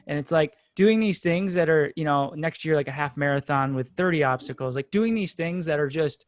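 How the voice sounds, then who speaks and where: A man's voice: on the high side, fairly quick, no room sound. A man hosting a podcast, chatting casually and eagerly, full of "dude" and "like.". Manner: enthusiastic, slangy, many "like" and "dude". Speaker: podcast host. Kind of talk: casual chat.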